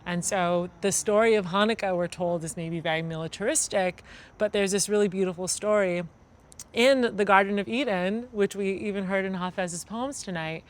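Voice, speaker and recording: A woman's voice: mid-range voice, moderate pace. A woman with an American accent co-hosting an evening gathering, talking casually with frequent fillers. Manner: conversational, with fillers like "like" and "um". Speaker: event co-host. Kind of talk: casual spoken presentation to a gathering.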